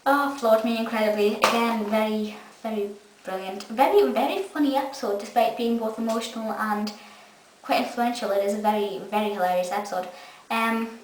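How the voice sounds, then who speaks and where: A woman's voice: on the high side, a little fast. Gushing Scottish young woman, echoey room. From Scotland. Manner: enthusiastic, gushing. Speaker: fan reviewer. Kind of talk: casual episode review. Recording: echoey room, mic far off, faint hiss.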